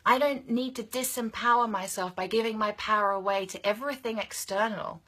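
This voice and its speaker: A woman's voice: mid-range voice, steady tone, a little fast, few pauses, fairly bright tone. A young adult woman coaching other women in a passionate, emphatic motivational monologue, repeating phrases for force.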